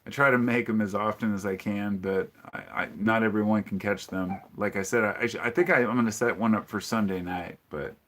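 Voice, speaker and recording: A man's voice: lowish voice, fairly even intonation, a little fast, few pauses, fairly bright tone. A man hosting a casual live-stream podcast, rambling and opinionated as he greets viewers and answers their chat messages. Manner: opinionated, frequent ums and restarts.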